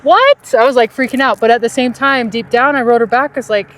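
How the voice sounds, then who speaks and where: A woman telling a personal story in a casual podcast chat, animated and laughing easily, with soft, low reflective stretches. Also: fast talker. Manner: animated, jumps high in pitch when quoting others.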